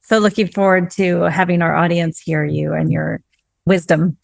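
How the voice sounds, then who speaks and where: An American woman co-hosting a podcast, talking in an earnest, warm-hearted way. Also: on the low side, little pitch movement, moderate pace, vocal fry, no room sound. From United States. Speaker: podcast co-host and teacher. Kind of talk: casual interview chat.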